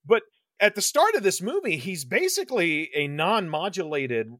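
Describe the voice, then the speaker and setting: Guy rambling on a movie podcast, kinda high and bright, swears a lot. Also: sing-song, normal speed, no room sound. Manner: rambling, swears, frequent restarts. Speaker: podcast co-host. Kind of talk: casual movie review chat.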